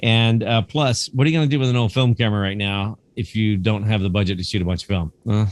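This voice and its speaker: A man in middle age tells his stories in a casual, animated way, slipping into the voices of the people in them. His voice sits on the low side. The sound is dry and close, with no room echo. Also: quick pace. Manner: lively anecdotes, acting out quoted dialogue, casual swearing. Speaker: guest, camera museum curator. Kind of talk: conversational storytelling.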